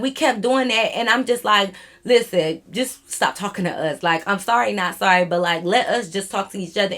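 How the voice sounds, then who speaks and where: A young woman chats straight to her viewers and tells a long story, wandering off topic and full of slang. She sits at a middle pitch and keeps talking casually. She calls her audience y'all and rambles on happily. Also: a bit bright. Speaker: YouTube storyteller.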